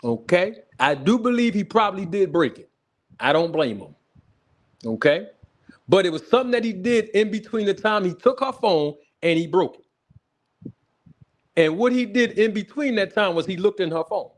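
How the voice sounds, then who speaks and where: A man hosting a boxing talk livestream in casual, animated commentary. He laughs often and greets viewers in the chat. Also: sits high, moderate pace.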